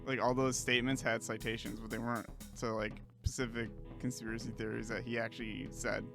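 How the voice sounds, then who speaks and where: Gravelly man podcast co-host. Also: medium pitch, little pitch movement, a little fast. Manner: laughs often, offhand. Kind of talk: casual chat. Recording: music clearly behind voice.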